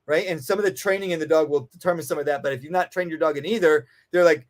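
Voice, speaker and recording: Speaking briskly in a slightly high voice, a man who trains dogs tells lively stories as a guest, casual and emphatic, cursing frequently and performing the voices of the people he's quoting.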